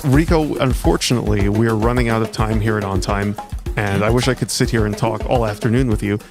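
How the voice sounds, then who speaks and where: Measured young man, podcast host. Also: lowish voice, over music. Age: young adult. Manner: measured, precise explainer. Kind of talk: casual podcast chat.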